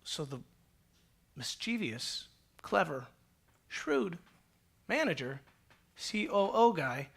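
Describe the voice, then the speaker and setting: A man's voice: on the high side, big pitch swings, slow, vocal fry, long pauses, a bit bright, slightly rough. A man preaching as a pastor, telling the story in a playful, conversational way and acting out the characters. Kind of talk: sermon with acted-out storytelling.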